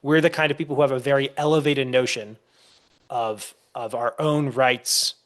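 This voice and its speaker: A man's voice: medium pitch, steady tone, normal speed. A man, a historian being interviewed on a podcast, explaining at length with frequent restarts and storytelling. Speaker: historian guest.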